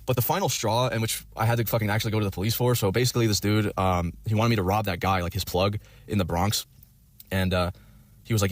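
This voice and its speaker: A man's voice: on the low side, fairly even intonation, fast, no echo. A young man telling a long personal story, rambling and swearing, full of fillers. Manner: profane, rambling, many fillers.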